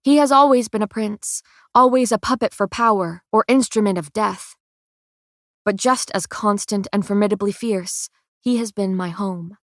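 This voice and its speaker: A woman narrating a first-person fantasy audiobook in a measured, expressive way, recorded on a close studio mic. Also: medium pitch, no room sound.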